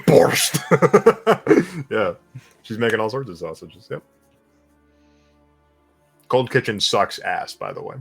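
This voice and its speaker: A man's voice: on the low side, unhurried, vocal fry, pauses often, a bit bright, husky, faint music behind. A man running a live-streamed tabletop game as game master, casual and joking and swearing freely.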